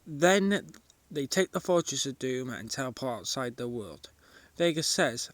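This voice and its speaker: Slow-talking man telling a story. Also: mid-range voice, fairly bright tone, no echo. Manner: rambling, improvised storytelling with restarts. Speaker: fan storyteller. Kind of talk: casual spoken fan fiction.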